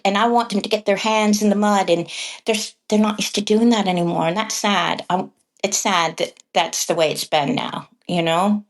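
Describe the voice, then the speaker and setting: A middle-aged woman, a kindergarten teacher and podcast guest, telling classroom stories in a lively conversational way. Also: mid-range voice, normal speed. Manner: animated, acts out quoted voices and laughs often. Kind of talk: conversational storytelling.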